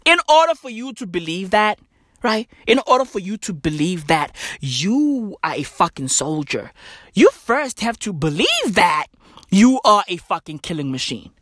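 Male comic, high voice that leaps all over, swears constantly, unhurried rant. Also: dry recording, studio quality. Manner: animated, swearing heavily, slang-filled, jumps between loud and soft. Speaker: comedian. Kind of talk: profane comedic rant.

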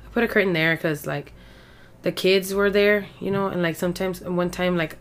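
Woman, from mexico, low voice, casual podcast chat, mixes english and spanish. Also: steady tone, moderate pace. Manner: code-switches between English and Spanish, swears freely. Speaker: podcast co-host.

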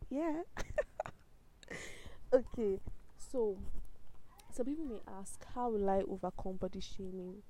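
This young Nigerian-accented woman in her twenties vlogs directly to camera, exclaiming passionately and ranting between laughs. She speaks slowly with frequent pauses, her mid-range, mellow voice full of lively intonation, on poor-quality audio.

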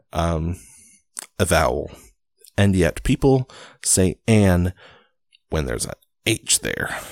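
A man's voice: sits low, vocal fry, dry recording, studio quality. A man reading a book aloud and breaking off for wry, self-deprecating comments, with fillers and restarts as he goes. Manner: wry, self-deprecating asides between read passages; reads slowly with frequent fillers and restarts. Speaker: reader and commentator.

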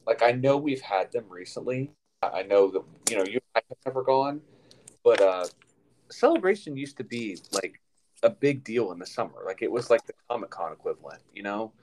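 A man's voice: mid-range voice, animated, a little fast, darkish tone, slight background noise, low-quality recording. A man co-hosting a casual podcast, talking in a rambling, chatty way with many fillers and restarts. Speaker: podcast co-host.

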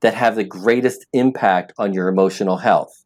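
Fairly low in pitch and darkish in tone, this man's voice moves at normal speed as he's interviewed about being an app founder. He speaks with earnest emphasis, frequently repeating words as each thought gets going.

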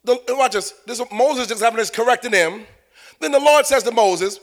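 A man preaching as a pastor, shouting and singing out phrases and acting out the voices of the people in his text. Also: very high voice, normal speed. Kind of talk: sermon.

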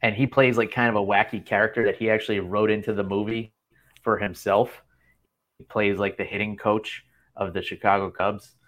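A man's voice: fairly low pitch, fairly even intonation, moderate pace, a bit bright. A man in his thirties hosting a casual chat show from a hotel room, rambling and laughing often. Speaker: podcast host.

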